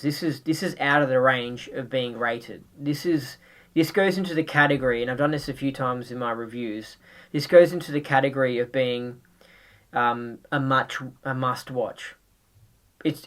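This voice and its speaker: A man's voice: mid-range voice, a bit bright. Earnest man urging a DVD review. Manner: earnest and insistent, restarts a lot. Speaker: podcast host reviewing a DVD. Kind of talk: casual enthusiastic review.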